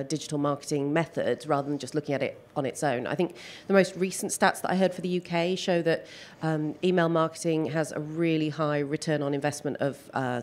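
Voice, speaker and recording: Low-voiced woman, slightly hoarse. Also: darkish tone. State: losing her voice. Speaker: panel expert. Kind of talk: panel Q&A answer. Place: large hall at a business event.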